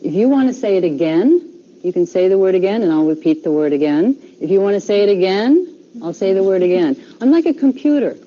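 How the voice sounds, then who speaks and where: A woman's voice: medium pitch, expressive, brisk, muffled recording. Patient woman teaching a language class. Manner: patient, repeats instructions, many okays.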